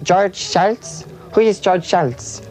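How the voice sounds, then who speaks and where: A comedian voicing a quirky, childlike foreign immigrant man who speaks in halting, broken phrases. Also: sits high, a little mellow, soft background music, pitched above the performer's own voice, rough recording. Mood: puzzled.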